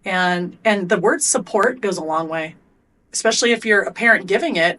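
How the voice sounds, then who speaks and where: A woman's voice: medium pitch, moderate pace, fairly bright tone. A middle-aged woman, a performance coach being interviewed on a podcast, telling stories in an emphatic, earnest way. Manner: emphatic, storytelling.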